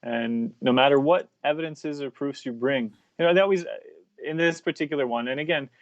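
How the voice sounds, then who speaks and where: A man's voice: mid-range voice, brisk, dry recording, lo-fi sound. A man from Canada, a guest in a casual podcast conversation, joking and agreeing often. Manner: joking, agreeable, frequent affirmations.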